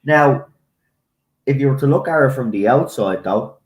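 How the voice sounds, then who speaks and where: Male stream guest, mid pitch, blunt opinions, echoey room sound. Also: expressive. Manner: blunt, opinionated, halting restarts. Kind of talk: casual chat.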